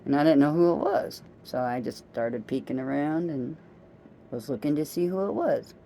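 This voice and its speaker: A middle-aged woman chats into her camera in a loose, meandering vlog. Her voice is mellow and unhurried in tone, and she tells homey anecdotes with a self-amused, gossipy ease. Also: sits low, creaky, a little hiss or hum. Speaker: vlogger. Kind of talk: casual rambling monologue.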